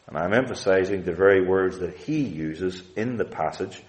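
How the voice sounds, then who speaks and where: A man preaching a sermon, expounding scripture with deliberate emphasis and quoting King James wording. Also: low voice, rough recording.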